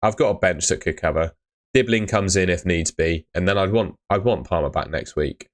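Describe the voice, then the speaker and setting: Young guy on a live stream, real low voice, blunt and chatty, keeps saying mate. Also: normal speed. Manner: chatty, blunt advice, often ends with "mate". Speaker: fantasy football streamer. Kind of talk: casual live-stream chat.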